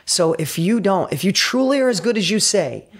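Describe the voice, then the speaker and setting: A man speaking as an entrepreneur guest on a podcast, an energetic storyteller who acts out the quotes in his stories. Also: sits high, normal speed. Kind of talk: enthusiastic podcast interview.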